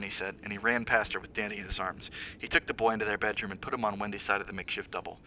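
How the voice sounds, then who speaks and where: A man's voice: lowish voice, steady tone, fast, few pauses, a bit bright. A man streaming a dramatic read-aloud of a novel, with asides to his viewers. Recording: dull lo-fi mic with faint hiss.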